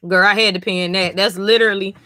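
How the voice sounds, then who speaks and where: A woman's voice: medium pitch, steady tone, fast, pushed and bright, dry recording. A woman reading comics live on stream, reacting emphatically, swearing and talking straight to her chat.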